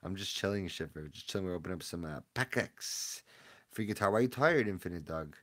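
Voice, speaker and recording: A young man hosts a livestream from his room at home, his voice sitting a little low. He keeps up relaxed, slangy chatter with his viewers. Every so often he breaks from quiet mumbling into a sudden loud yell. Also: fairly quick. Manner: laid-back slangy banter with chat. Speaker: livestream host opening card packs. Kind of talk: casual livestream chat.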